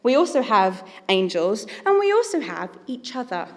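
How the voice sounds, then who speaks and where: A woman's voice: a little high, sing-song, moderate pace, long reverb tail. A woman giving an earnest, conversational sermon as a preacher.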